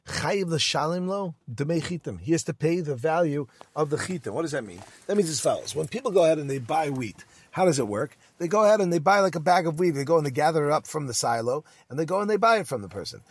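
A man's voice: on the high side, expressive, fast talker, few pauses, slightly rough. A man teaching a casual Talmud class, acting out the rabbis' dialogue with Hebrew and Aramaic terms.

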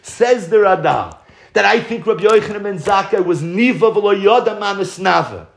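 A man teaching a Torah story as a lively storyteller who acts out the quotes. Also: sits high, moderate pace, creaky. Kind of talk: storytelling lesson. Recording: echoey room.

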